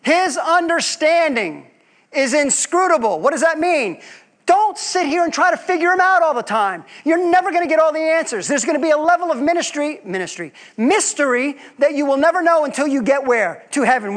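A man's voice: very high-pitched, big pitch swings, a little fast, fairly bright tone. A man preaching a sermon as pastor, asking his congregation rhetorical questions and acting out quoted voices.

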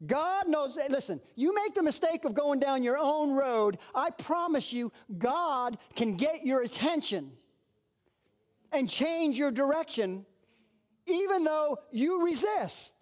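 Brief: male pastor, very high voice, animated sermon delivery with acted-out voices. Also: slow pace. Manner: lively preaching, acts out voices.

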